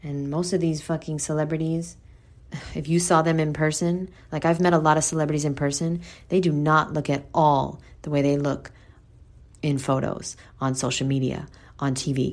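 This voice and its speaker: A low-voiced woman with a New York accent talks straight to her audience. Her delivery is blunt and profane, and she calls the listener boo. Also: fairly even intonation, moderate pace, a little mellow. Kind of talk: candid monologue.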